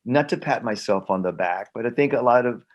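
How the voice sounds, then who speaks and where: Animated middle-aged male actor, storytelling. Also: medium pitch, a little fast, noisy background. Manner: animated, repeats himself, acts out quoted dialogue. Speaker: actor, guest. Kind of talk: conversational storytelling.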